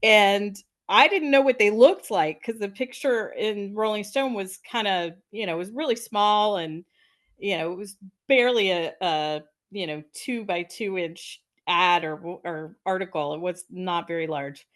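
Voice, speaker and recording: A woman's voice: medium pitch, unhurried. Laughing, chatty woman host. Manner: laughs often, chatty and responsive. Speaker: interview host. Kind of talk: casual chat.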